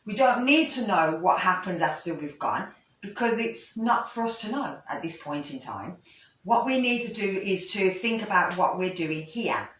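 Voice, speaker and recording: A woman, a yoga teacher gently guiding a breathing lesson, with pauses and restarts. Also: on the low side, very animated. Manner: gentle, instructive, with fillers and restarts. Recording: echoey room, voice from a distance.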